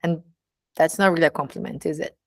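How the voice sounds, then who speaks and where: A woman's voice: low voice, fast, vocal fry, darkish tone, no room sound. Candid Brazilian-accented woman, dry sound. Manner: candid, chatty, many "you know, like" fillers. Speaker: burlesque teacher and mentor. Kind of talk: casual personal monologue.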